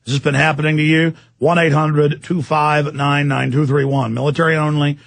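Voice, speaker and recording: A man's voice: on the high side, level tone, moderate pace, creaky. A man hosting talk radio, delivering an insistent, escalating monologue. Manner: fervent, insistent, escalating into shouting. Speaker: radio talk show host.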